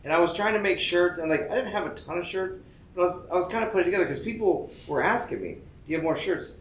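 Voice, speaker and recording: A man's voice: sits high, slight background noise. A man in casual chat, joking and swearing as he tells a story. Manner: fast, joking, swears a lot. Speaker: tattoo shop owner guest. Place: tattoo convention. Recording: roomy echo.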